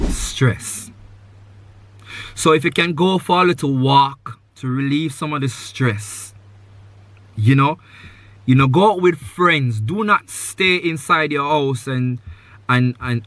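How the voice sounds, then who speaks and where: Male podcast host, mid-pitched and bright-toned, earnest advice-giver, dry close recording. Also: no room sound. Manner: earnest, advice-giving, repeats key points; loose sentences with many "you know" fillers. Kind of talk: live podcast conversation with a guest.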